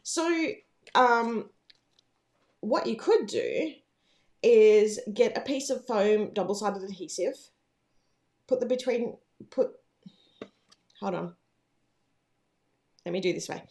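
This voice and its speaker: A woman's voice: mid-range voice, takes it slowly, creaky, pauses often, darkish tone. A woman hosting a casual livestream from home, chatting in a rambling, bubbly way with lots of fillers. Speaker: livestream host, planner business owner.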